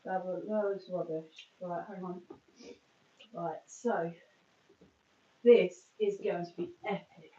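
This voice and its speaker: Slow rambling woman on a live stream. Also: fairly low pitch, steady tone, mellow, a little hiss or hum. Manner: rambling, chatty, self-mocking. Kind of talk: casual live-stream chat. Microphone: phone. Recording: dull, echoey, far from phone mic.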